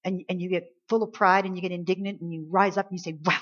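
A woman's voice: lowish voice, fairly even intonation, fast talker, hardly any pauses, slightly rough, dull audio. A woman preaching a sermon in a conversational way, acting out pleading and complaining voices as she tells the story. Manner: conversational preaching, rising into acted pleas and complaints.

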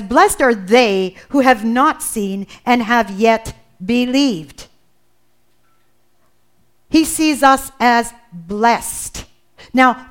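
Female preacher, fairly high voice, earnest, emphatic repeats, sermon delivery. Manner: earnest, builds in intensity with emphatic repetition.

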